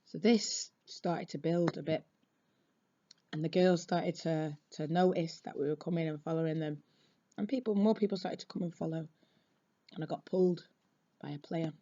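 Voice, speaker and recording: A woman football supporter telling a casual story in a chatty, lively and blunt way, on a dull lo-fi recording. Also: sits low, normal speed, long pauses.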